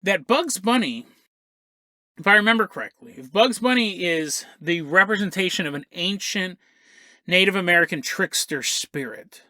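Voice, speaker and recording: A man's voice: high voice, lively intonation, moderate pace, bright, forceful tone, dry recording, studio quality. A man hosting a podcast, telling a story in a jokey, rambling way and laughing often as he goes. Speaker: podcast host. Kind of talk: comedic storytelling monologue.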